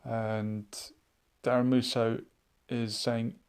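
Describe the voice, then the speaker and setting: Man, live-stream chat host, casual, musing, reads chat comments aloud, mid pitch. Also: fairly even intonation, measured pace, darkish tone.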